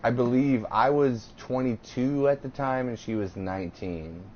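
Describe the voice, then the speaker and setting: A man's voice: mid-range voice, normal speed. A man in his thirties co-hosting a podcast, telling a crude, rambling story in casual chat. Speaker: podcast co-host. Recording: slightly dull podcast audio with faint hiss.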